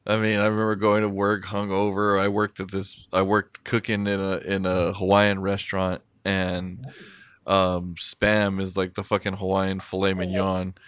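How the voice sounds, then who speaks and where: A man with a low, smooth voice chats on a podcast in a laid-back, profane way, with plenty of filler words. The recording sounds dry and close. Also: completely flat delivery, normal speed, fairly bright tone, dry recording. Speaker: podcast co-host. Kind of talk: casual chat.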